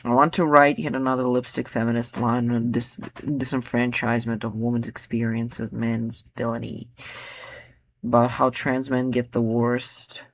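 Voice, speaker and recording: A man's voice: mid-range voice, flat delivery, moderate pace, a little hiss or hum. Man, mid-range voice, casual poet musing, lots of filler words, drops to mutters. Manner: rambling, full of filler words, drifting into mutters. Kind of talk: casual chat about his own poems.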